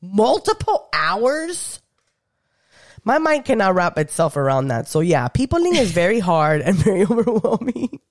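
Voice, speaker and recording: Woman, podcast co-host; animated casual talker, very lively pitch, close dry mic. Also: normal speed, no room sound. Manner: animated, laughs often, swears casually. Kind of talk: casual chat.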